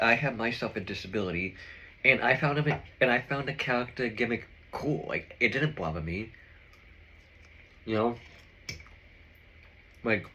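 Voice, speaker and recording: A man vlogging to his viewers in a low, bright, forceful voice. He rambles and shares opinions loosely, piling up fillers as he eats. A faint background noise sits under his voice. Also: rough recording. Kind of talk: casual chat to viewers.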